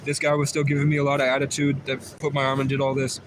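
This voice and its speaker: A man's voice: medium pitch, completely flat delivery, fast, background noise. A man on a livestream telling a long personal story in a rambling, repetitive way, often restarting his sentences. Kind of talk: livestream monologue.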